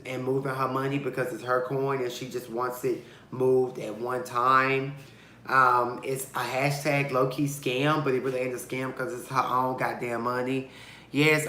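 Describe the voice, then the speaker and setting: Sassy, dramatic man in an echoey room. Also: a little hiss or hum. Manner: dramatic, sassy and expressive, with big swings of pitch and loudness; gossipy and blunt, with slang and profanity. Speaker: TV show reviewer. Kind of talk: casual vlog episode review.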